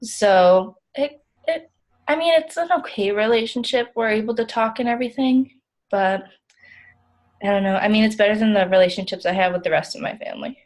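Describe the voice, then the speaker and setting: A woman's voice: mid-range voice, a little fast, close to an everyday voice, rough recording. A woman playing a self-critical young client, rambling. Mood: weary, frustrated. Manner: rambling, frequent "like" fillers. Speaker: client in a counseling role-play. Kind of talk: counseling role-play.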